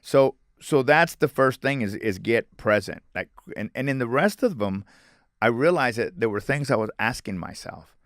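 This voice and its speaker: Podcast guest: middle-aged man, low gravelly voice, emphatic storyteller, dry close sound. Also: animated, normal speed, no echo. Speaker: guest author. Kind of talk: conversational podcast interview.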